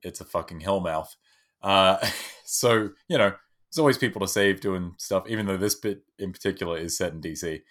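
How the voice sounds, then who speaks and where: A man's voice: sits low, moderate pace, a bit bright. A man co-hosting a casual movie podcast, enthusiastic and jokey, swearing freely. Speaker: podcast co-host. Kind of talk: casual movie-review chat.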